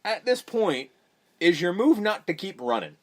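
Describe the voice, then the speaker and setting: A high-sitting male voice at normal speed belongs to a podcast host going over a horror movie. His talk is casual, profane and animated, and he performs the characters' lines as the plot unfolds.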